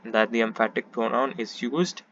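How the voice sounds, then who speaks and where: A man's voice: mid-range voice, steady tone, moderate pace, a bit bright. Patient man tutoring French grammar. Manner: patient, methodical, repeats each example in French then English. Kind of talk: explanatory grammar lesson. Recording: slightly muffled with faint background hiss.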